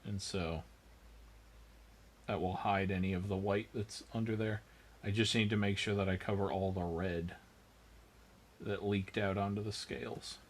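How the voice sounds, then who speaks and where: A man's voice: fairly low pitch, steady tone, measured pace, pauses often. A man hosting a miniature painting livestream, chatting casually as he works and answering viewers with dry, self-mocking humor.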